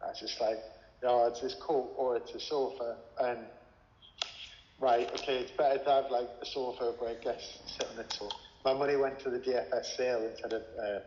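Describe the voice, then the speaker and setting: A man's voice: medium pitch, steady tone, fairly quick, a little mellow, slight background noise. Rambling man in an echoey room. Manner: rambling, frequent swearing and filler words. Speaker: interview guest, former music manager. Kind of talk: casual storytelling. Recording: echoey room with long reverb, dull lo-fi sound.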